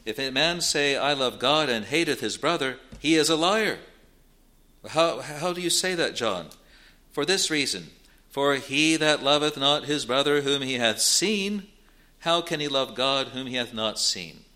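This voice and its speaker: A male preacher delivering a sermon at a slow, unhurried pace. His voice is bright and forceful, with a deliberate, measured delivery as he reads out scripture and explains it. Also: medium pitch, lively intonation.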